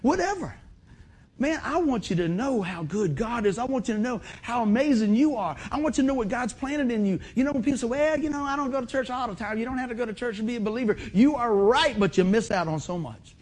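A middle-aged man preaching a sermon in a folksy, animated way, acting out other people's voices. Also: very high-pitched, fast talker. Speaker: pastor.

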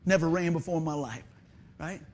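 A man preaching a sermon as pastor of a church, telling folksy stories with lively quoted voices. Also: on the high side, fairly quick. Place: church sanctuary.

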